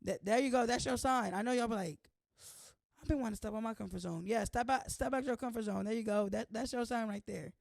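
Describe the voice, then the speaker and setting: Young woman vlog host: chatty, playful, a bit hoarse, with a creaky texture and a dry, close recording. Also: on the high side, fast, darkish tone, no room sound. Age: young adult. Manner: chatty, playful, says "like" constantly. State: slightly hoarse from allergies. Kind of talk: casual vlog chat.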